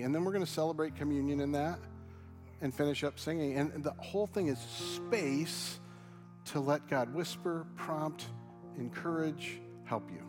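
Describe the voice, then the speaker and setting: Earnest pastor praying softly. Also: male voice, moderate pace, music in the background. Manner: earnest, pleading prayer that drops soft and low; animated, rising questions to the congregation. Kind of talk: sermon with closing prayer.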